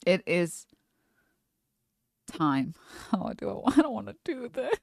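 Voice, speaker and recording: A woman's voice: mid-range voice, very animated, slow pace, gravelly, darkish tone, no room sound, studio quality. A woman streamer chatting casually as she reacts to a video, rambling with many fillers and nervous laughs.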